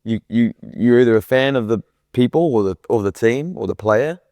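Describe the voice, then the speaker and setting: A man's voice: medium pitch, moderate pace, warm tone, dry recording. A man, a guest cricketer on a podcast, talking casually with frequent restarts.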